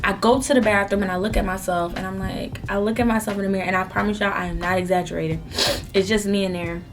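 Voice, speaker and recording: A young woman vlogger telling a story in an animated, melodramatic way while eating, in a casual storytime chat. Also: medium pitch, fast, a little hiss or hum.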